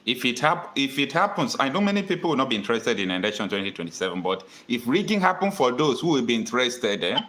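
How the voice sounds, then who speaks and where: A man's voice: mid-range voice, sing-song, fast, few pauses, background noise. A Nigerian man hosting a call-in political talk show, earnest and repeating his points for emphasis. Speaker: host taking callers.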